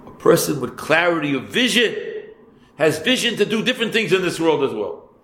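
A rabbi teaching a class, telling a story in an unhurried way, repeating phrases and adding asides for his listeners. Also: a little high, sing-song, a bit bright. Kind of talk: storytelling Torah lesson. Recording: echoey room, faint background noise.

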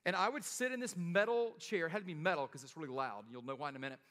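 Bright-voiced joking preacher man. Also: fairly high pitch, fast, in a large hall. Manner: casual, joking storyteller with frequent laughs and "right?". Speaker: pastor. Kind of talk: sermon.

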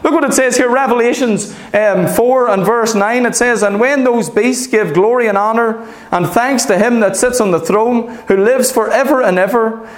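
A man preaching with a very high voice, earnest and repetitive, pressing each point home. The sound is roomy and echoey. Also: normal speed. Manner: earnest, repetitive, emphatic with frequent "Amen" and "Okay?". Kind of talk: sermon. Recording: echoey room.

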